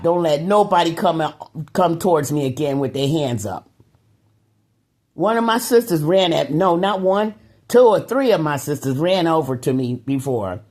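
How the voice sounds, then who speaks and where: A woman talking to camera in a casual monologue, excitable and emphatic, dropping to low mutters and then rising to raised, riled-up outbursts with repeated words. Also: moderate pace. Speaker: vlogger.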